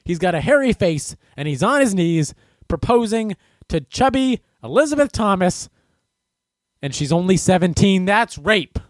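A man hosts a comedic news commentary, ranting and sarcastic as he works himself up. His pitch swings widely with lively animation. The recording is dry and close, with no room sound. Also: normal speed, dry recording. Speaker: host of a news commentary show.

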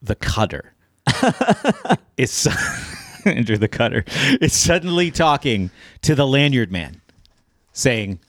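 A man's voice: medium pitch, big pitch swings, slow, pauses often, no echo, clean studio sound. A man co-hosting a casual podcast, wry and dropping references. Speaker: podcast co-host. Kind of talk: casual chat.

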